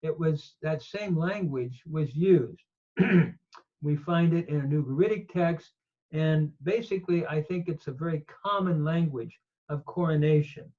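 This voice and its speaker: A man lecturing on Hebrew grammar at a very slow, measured pace, in a voice pitched a little high for a man. He reads a verse and then picks through its grammar, with slightly dull, lo-fi audio. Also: darkish tone. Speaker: Bible teacher.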